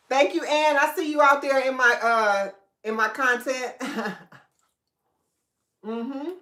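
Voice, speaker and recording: A woman's voice: sits high, takes it slowly, long pauses, sharp tone. Chatty woman livestreaming, echoey room. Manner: chatty, reads out viewers' comments, laughs often. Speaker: livestream host. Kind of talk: casual live chat while eating. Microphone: no microphone, device in room.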